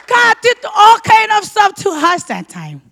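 A woman preaching a fervent sermon testimony, leaning on repeated emphasis and sometimes breaking into shouted praise. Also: very high voice, wildly swooping pitch, unhurried, gravelly. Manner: leans on repeated emphasis words.

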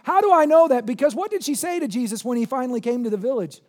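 High-pitched preacher guy, emphatic, keeps asking the crowd questions, goes loud then quiet. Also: fast. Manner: swings between loud shouting and quieter intensity. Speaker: pastor. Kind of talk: sermon.

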